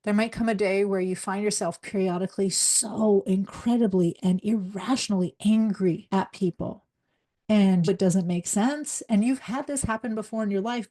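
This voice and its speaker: A middle-aged woman, a leadership coach and former psychologist, giving a live workshop talk in a fast, direct, energetic way. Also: medium pitch.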